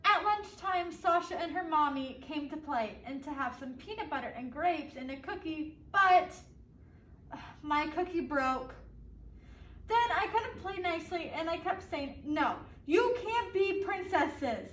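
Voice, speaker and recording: A storybook reader with a high, fairly bright voice and lively intonation reads a picture book to children at a measured pace, pausing between pages to ask them questions. The room is echoey, the mic distant, with faint ambience.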